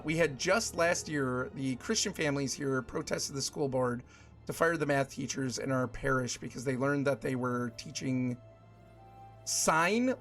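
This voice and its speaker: A man's voice: fairly high pitch, a bit bright. Jokey man streaming a game. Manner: jokey, self-deprecating, chatty with chat. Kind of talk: casual live gameplay chat.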